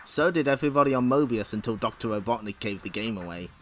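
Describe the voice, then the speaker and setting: A man's voice: mid-range voice, lively intonation, fast, close to an everyday voice. A man doing a cheeky young hedgehog hero.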